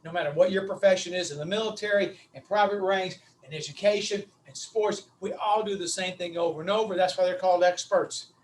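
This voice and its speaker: A middle-aged man with a Southern US accent giving a folksy, animated webinar lecture, calling his audience his friends. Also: sits high, brisk, few pauses, far from the mic, a little hiss or hum, low-quality recording. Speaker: webinar speaker on vocal delivery.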